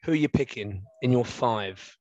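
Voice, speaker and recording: A man's voice: mid-range voice, normal speed, a little mellow, no room sound, muffled recording. A man in his thirties co-hosting a football podcast, bantering and teasing with playful questions. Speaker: podcast co-host. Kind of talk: casual banter.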